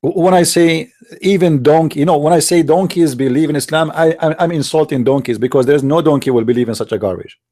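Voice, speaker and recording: Fast-talking and fairly high-pitched, with a dark tone, the man hosts a live stream where he spars with callers. Into his computer mic he delivers a derisive monologue, needling opponents with taunting rhetorical questions.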